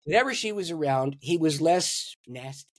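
Animated older man telling a story. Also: normal speed, no echo. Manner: animated storyteller, acts out dialogue with big pitch swings. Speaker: pastor and guest. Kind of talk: storytelling in a podcast interview.

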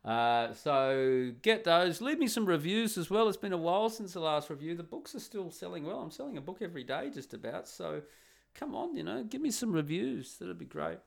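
A man's voice: sits high, sing-song, normal speed, vocal fry. A man hosting a podcast in a casual, rambling way, muttering and humming to himself as he searches through comments. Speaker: podcast host.

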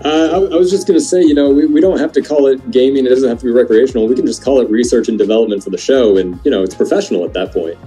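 A man's voice: medium pitch, rapid-fire, few pauses, dark tone, faint music behind. A man co-hosting a casual chat show, joking in a dry way. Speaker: co-host.

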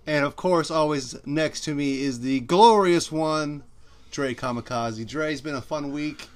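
A man's voice: fairly high pitch, unhurried, background noise. A man co-hosting a sports podcast in casual, playful chat, often talking up his partner. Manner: playful, talks up his co-host.

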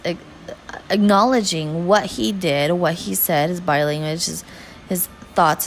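A woman candidly recounting a frustrating day, swearing now and then and pausing with fillers and restarts. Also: lowish voice, gravelly, slight background noise, rough recording. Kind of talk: personal storytime vlog.

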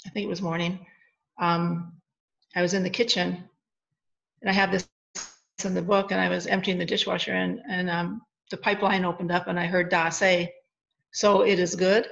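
A woman's voice: mid-range voice, creaky. A middle-aged woman, an interview guest and author, telling her story in conversation and acting out the dialogue as she goes. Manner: animated retelling with quoted dialogue. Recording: dull lo-fi audio.

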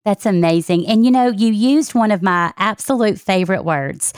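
A woman's voice: medium pitch, animated, normal speed, no room sound, studio quality. A woman from Texas, hosting a podcast interview in an enthusiastic, effusive way. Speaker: podcast host.

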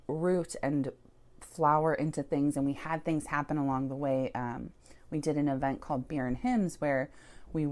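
A woman's voice: deep voice, darkish tone. A woman who founded a church, telling her story candidly in an interview, swearing and laughing as she goes.

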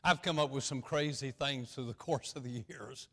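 In a large hall, a male pastor with a mid-range voice preaches a sermon at a moderate pace. His folksy, repetitive delivery swings between loud stretches and hushed ones.

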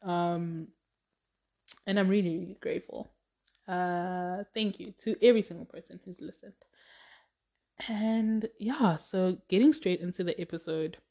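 A woman's voice: fairly low pitch, normal speed, gravelly, warm tone, highs cut off. A young woman hosting a casual solo podcast, rambling and laughing often, with many likes and restarts. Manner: chatty, rambling, laughs often, says "like" a lot. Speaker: podcast host.

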